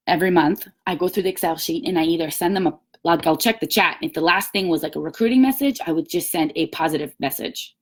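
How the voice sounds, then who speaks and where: Woman doing a live coaching stream, lowish voice, upbeat and pushy, acts out convos with customers. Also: breathy edge. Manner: upbeat and emphatic, acts out quoted chats. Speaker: direct sales team leader. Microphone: webcam or phone, live stream.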